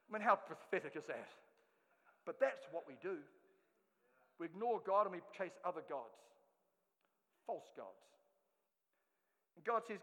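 High-voiced pastor preaching in an echoing hall. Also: male voice, slow, pauses often. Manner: animated, humorous, conversational. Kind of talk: sermon. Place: church.

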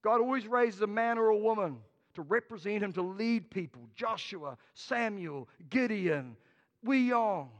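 New zealand man, pastor, high voice, storytelling sermon, long hall reverb. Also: measured pace, lo-fi sound. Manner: storytelling, jokey, lively.

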